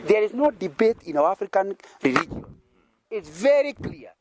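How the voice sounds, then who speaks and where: A Kenyan-accented man teaching a sermon in a fairly high voice. His pitch swings widely as he talks. He keeps throwing rhetorical questions at the congregation and chuckling between points. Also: very animated, normal speed, a crowd in the background. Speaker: preacher.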